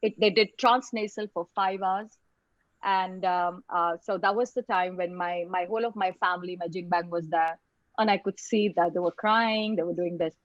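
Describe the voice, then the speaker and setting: A woman tells her own story in a web lecture, halting and repeating words as she goes, heard over a video call microphone. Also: fairly low pitch, steady tone, dry recording, lo-fi sound.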